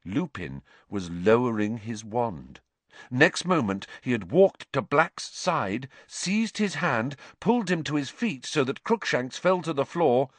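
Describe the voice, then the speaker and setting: Brief: male audiobook narrator, slow and animated, dry close sound. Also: medium pitch, no room sound. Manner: dramatic, expressive reading.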